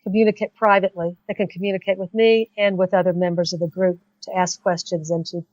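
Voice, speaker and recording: A woman's voice: lowish voice, level tone, quick pace, a little mellow, no room sound. A woman author answering interview questions earnestly, explaining her book and her class. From United States. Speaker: author and guest. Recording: dull remote call line.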